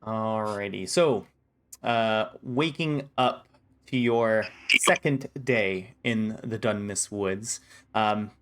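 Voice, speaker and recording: A man's voice: medium pitch, fairly bright tone. Easygoing male game master. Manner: easygoing, scene-setting narration. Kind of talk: narrating a tabletop game.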